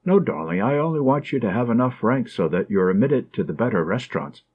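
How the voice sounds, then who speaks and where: A man reading an audiobook, voicing a tender and anxious young woman in a soft, affectionate way. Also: mid-range voice, very animated, brisk, slightly rough, narrow, tinny audio. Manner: soft, affectionate, gently teasing.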